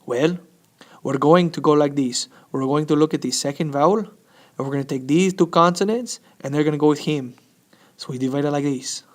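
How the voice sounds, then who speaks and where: A man walks through a slide lesson in an upbeat, chatty way and keeps checking in with "okay?". His voice sits a little high for a man. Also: a little fast. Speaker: Spanish teacher.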